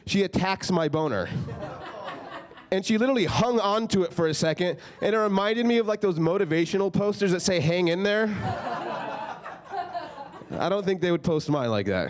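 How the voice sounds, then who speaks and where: A young man performs stand-up on a comedy club stage, his voice sitting high and moving at a moderate pace. He tells stories loosely and casually, packing them with filler and frequent uses of "like."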